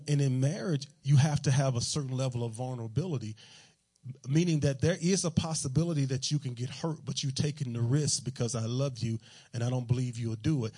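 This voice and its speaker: A man's voice: medium pitch, mellow, husky. A man preaching a sermon in a loose, conversational, joking way, full of everyday slang.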